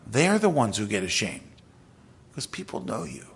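A man's voice: on the low side, big pitch swings, moderate pace, breathy edge. A man preaching a sermon, exhorting his listeners with emphatic, rising bursts.

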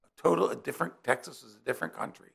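A man's voice: on the high side, rapid-fire, vocal fry, a bit bright, slightly rough. A middle-aged man from New Jersey preaching a sermon in a conversational way, weaving in personal stories.

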